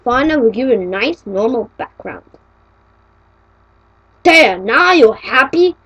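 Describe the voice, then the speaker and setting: A woman's voice: on the high side, animated, takes it slowly, fairly bright tone, husky, heavily acted, rough recording. A woman voicing a stubborn, bossy computer operating system that curtly refuses requests, in a homemade cartoon video. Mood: refusing.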